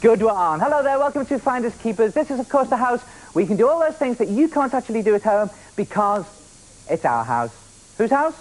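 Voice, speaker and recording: A man hosting a children's game show, playful and energetic, often shouting to the contestants. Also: extremely high pitch, a little fast, slight background noise, poor audio. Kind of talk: lively TV game show presenting.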